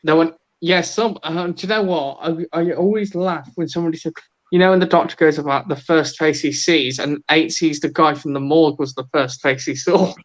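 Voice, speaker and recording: A man hosting a live podcast chat, talking in a playful, rambling way with a slightly high voice. He comes through a dull, lo-fi mic. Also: fairly even intonation, a little fast. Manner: rambling, playful, apologetic wrap-up. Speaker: podcast host.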